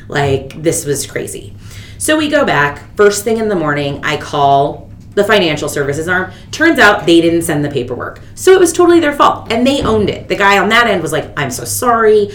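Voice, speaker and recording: A woman in her thirties hosting a podcast, telling a story in casual chat and acting out the people she quotes. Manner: animated, quotes people with big pitch jumps. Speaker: podcast host. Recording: echoey room with faint rumble.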